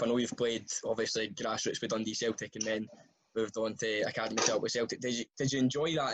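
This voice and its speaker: A man interviewing a guest, asking relaxed questions and giving short encouraging replies. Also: mid-range voice, slight background noise, rough recording. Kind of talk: casual interview.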